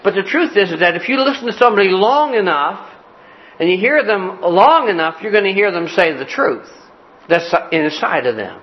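A man's voice: high voice, big pitch swings, normal speed, muffled recording. A man preaching a sermon in a folksy, joking way, repeating his key phrases. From Cleveland, Ohio. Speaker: pastor.

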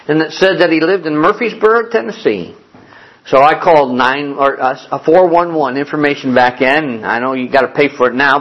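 A middle-aged man preaching a sermon, telling a personal story in a folksy, animated way and acting out the dialogue. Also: medium pitch, lo-fi sound. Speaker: pastor.

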